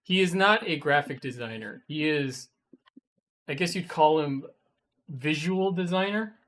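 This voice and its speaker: A man recounts a workplace story in a relaxed studio chat. His voice sits a little high and he tells it animatedly, swearing as he acts out his past outbursts. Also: unhurried. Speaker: guest, web designer.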